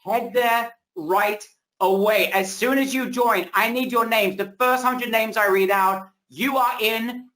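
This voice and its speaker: A man hosting a webinar, giving a pushy, excited sales pitch over a video call while his voice is wearing out. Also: unhurried. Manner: hyped, pushy salesman hype. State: losing his voice. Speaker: webinar host. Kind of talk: hard-sell webinar pitch.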